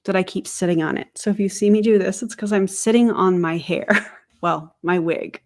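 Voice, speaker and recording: A woman hosting a reaction commentary, talking back to clips with sarcastic asides and quick laughs. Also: medium pitch. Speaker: commentary host. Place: home, family heard in the background.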